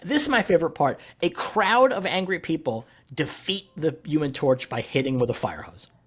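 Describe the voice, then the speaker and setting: Podcast co-host, casual comics chat, lively swooping delivery, a touch husky. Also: mid-range voice, moderate pace. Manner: animated, laughing, swearing, retelling panels.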